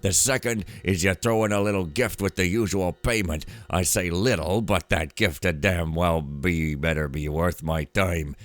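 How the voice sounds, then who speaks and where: A man's voice: low-pitched, normal speed, few pauses, no echo, lightly acted. A man reading out notes in the voice of a crooked male gang boss, coarse, bossy and threatening.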